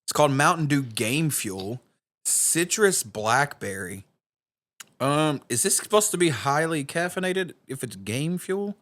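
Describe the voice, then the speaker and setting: A man's voice: fairly high pitch, lively intonation, measured pace, fairly bright tone. A man co-hosting a podcast in casual chat, taste-testing snacks and talking straight to his listeners. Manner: chatty, addresses listeners directly, runs the segment. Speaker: podcast co-host. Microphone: podcast microphone with noise gate. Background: faint background music.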